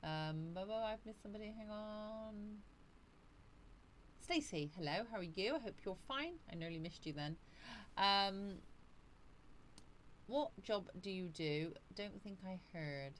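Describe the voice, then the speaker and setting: A woman's voice: mid-range voice, unhurried, pauses often, a bit bright, slight background noise. A woman on a casual livestream, chatting breezily, greeting viewers by name and laughing often. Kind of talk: casual live chat reading out viewer comments.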